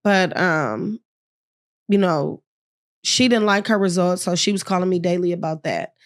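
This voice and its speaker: A young woman with a slightly low voice tells a personal story as a podcast guest. She is frank and animated, and she slips into the voices of the people she quotes. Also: unhurried. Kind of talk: casual storytelling.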